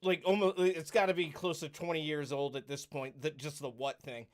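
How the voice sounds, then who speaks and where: A man's voice: a little high, steady tone, normal speed. A man co-hosting a casual podcast chat, easygoing and agreeable, chiming in often. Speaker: podcast co-host.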